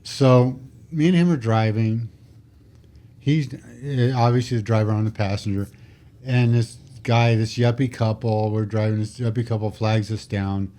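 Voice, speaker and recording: Speaking at an unhurried pace in a fairly low voice, this former cop shares casual stories into a podcast mic. He performs other people's lines with animation and calls himself particular.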